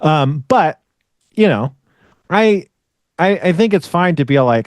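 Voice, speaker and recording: A man co-hosting a podcast, casually thinking out loud with lots of fillers and restarts and frequent laughs. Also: fairly high pitch, lively intonation, a little slow, dry recording, clean studio sound. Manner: laughs often while talking. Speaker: podcast co-host. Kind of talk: casual conversational commentary.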